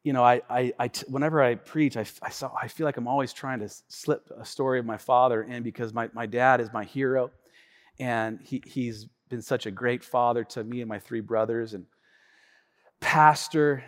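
A male pastor preaching a sermon, telling a story with many restarts and stumbles, moving between quiet asides and excited, loud retelling. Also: mid-range voice, normal speed. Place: church hall. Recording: long reverb of a church hall.

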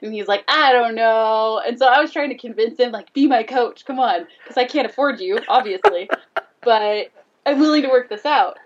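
A woman's voice: fairly high pitch, distant mic, highs cut off. A woman telling a personal story in casual conversation, animatedly acting out both sides of the dialogue. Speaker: guest telling her story.

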